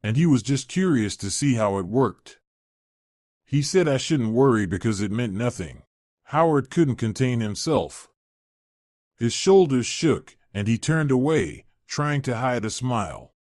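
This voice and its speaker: A man reading a scripted story in a steady narrating manner. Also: mid-range voice, a little slow, no room sound, studio quality.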